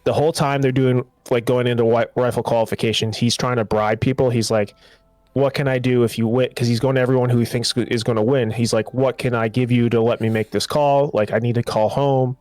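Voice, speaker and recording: A man's voice: mid-range voice, steady tone, fairly quick, a little mellow, dry recording. A man co-hosting a podcast, loosely retelling a TV series in casual chat and slipping into quoted lines. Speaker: podcast host.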